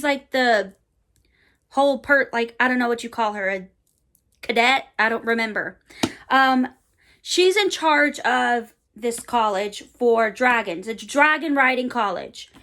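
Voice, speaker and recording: Her voice sits high and sounds a bit bright. In her twenties, this book vlogger casually recommends books she adores, wandering off topic a little and sprinkling in fillers and playful slang.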